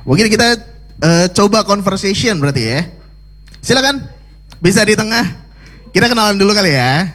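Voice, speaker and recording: A man co-hosts an English class in a lively, sing-song way. His husky voice swoops up and down as he agrees with the others and repeats their phrases. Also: high voice, brisk, long pauses. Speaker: co-host of an English speaking workshop. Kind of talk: bilingual classroom banter.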